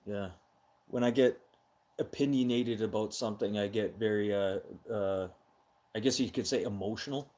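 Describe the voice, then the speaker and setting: A middle-aged man hosting a casual live chat, talking loudly and with heavy emphasis, getting excitable when he has an opinion. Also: on the low side, moderate pace. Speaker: live stream host.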